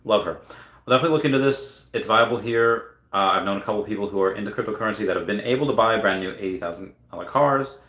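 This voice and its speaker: A man's voice: on the low side, fast talker, fairly bright tone. A man hosting a casual livestream giveaway, playfully reading viewer comments aloud and now and then breaking into silly singing. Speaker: livestream host running a chat giveaway. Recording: echoey room.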